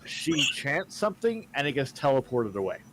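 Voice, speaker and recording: A man's voice: mid-range voice, sing-song, moderate pace, background noise. A man playing in a tabletop game, matter-of-fact in his turns. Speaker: player. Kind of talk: casual tabletop game play.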